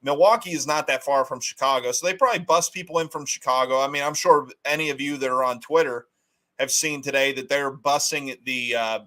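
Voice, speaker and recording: A man's voice: mid-range voice, brisk, pushed and bright. A man hosting a casual political livestream, talking bluntly and arguing his opinions. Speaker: livestream host.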